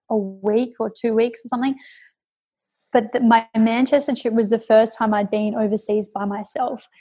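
Young woman guest, higher voice with a flat melody, chatty and casual, full of fillers. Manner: chatty, laughs often, many fillers. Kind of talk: casual conversational storytelling.

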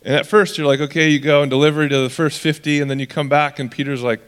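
A man, a pastor preaching a sermon in a relaxed, conversational way, acting out quoted dialogue with casual asides. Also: a little high, fast talker, clear, resonant tone.

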